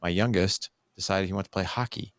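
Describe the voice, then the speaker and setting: Gravelly low-voiced man telling a story. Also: a little fast, no echo, clean studio sound. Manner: candid, animated, acts out quoted dialogue. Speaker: podcast guest. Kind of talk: casual storytelling in conversation.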